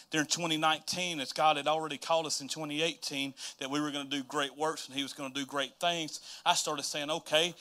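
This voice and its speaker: Man, pastor, lilt, bright higher-pitched voice, chatty sermon delivery with quick restarts. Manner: conversational preaching, quick repetitions and restarts.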